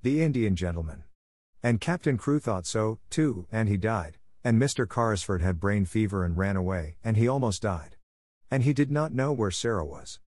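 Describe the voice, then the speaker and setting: A man reading aloud, voicing a stunned schoolgirl who answers slowly, as if half dazed. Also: fairly low pitch, lively intonation, darkish tone, no echo, studio quality. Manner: slow, dazed. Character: round-faced schoolgirl, stunned and stout.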